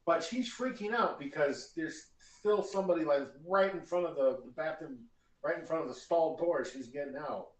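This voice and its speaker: A man running a tabletop game as game master, narrating with halting fillers. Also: a little high, recorded from a distance. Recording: echoey room, voice from off-mic.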